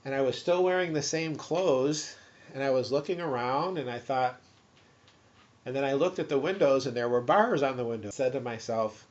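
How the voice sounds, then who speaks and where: A man's voice: mid-range voice, brisk. A man telling a personal testimony story with animation, acting out his own stammering and past thoughts. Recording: dull lo-fi recording.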